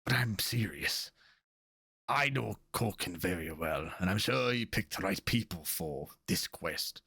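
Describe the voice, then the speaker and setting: A man voicing an emotional, secretive old male crewman who talks in hushed tones. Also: deep voice, animated, unhurried, gravelly, husky, dry recording, studio quality, heavily acted. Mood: earnest. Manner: hushed conspiratorial whispering.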